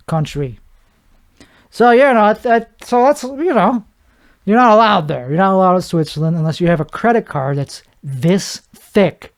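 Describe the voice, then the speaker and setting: A man hosting a solo podcast, riffing comedically in a rambling way, with stammered restarts and mouth sound effects. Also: high voice. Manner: frequent restarts and stammered repeats. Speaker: podcast host.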